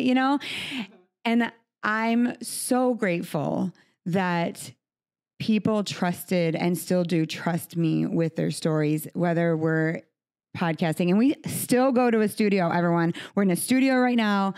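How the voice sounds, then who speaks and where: A woman host speaks in a heartfelt, earnest way in a studio conversation. Her voice sits a little low for a woman. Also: a little slow, a little mellow, clear, resonant tone. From United States. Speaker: podcast host. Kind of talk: emotional interview conversation. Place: recording studio.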